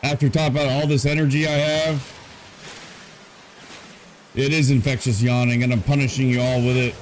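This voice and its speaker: A man's voice: medium pitch, normal speed, slight background noise. Drowsy man streaming a game. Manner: relaxed, thinking aloud, yawning. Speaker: gaming streamer. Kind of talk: casual live gameplay commentary. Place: warm room at home.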